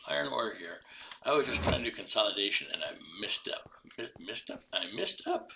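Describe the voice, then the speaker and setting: A man with a gravelly, creaky voice chats his way through a live game stream, narrating every move and greeting viewers by name. The audio is noisy, with a steady hiss behind his desktop mic. His talk is casual and rambling. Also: fairly low pitch, a little fast. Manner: chatty, talks through each move and greets chat by name.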